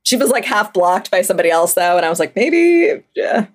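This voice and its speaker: A woman co-hosting a podcast in casual chat, playful, her voice jumping high when she is amused. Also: quick pace. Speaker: podcast co-host.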